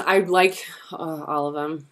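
A woman's voice: low voice, steady tone, slow, fairly bright tone. A young woman hosting a casual livestream Q&A, chatty and giggly as she answers fan questions. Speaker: livestream host.

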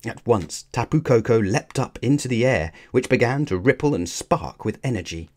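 A man narrating a children's storybook aloud in an expressive, measured way. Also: mid-range voice. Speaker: storybook reader.

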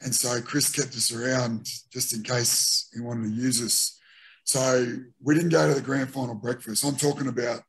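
In a casual interview, a middle-aged Australian former rugby league player tells animated stories from his career, acting out what his teammates said. His voice is medium in pitch, slightly rough, and moves at a normal speed.

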